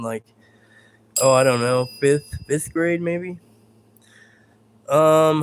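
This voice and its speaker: In a slightly high voice, a man hosts a live stream, chatting casually and rambling as he reads out viewer comments. He stumbles over his words and makes fun of himself for it.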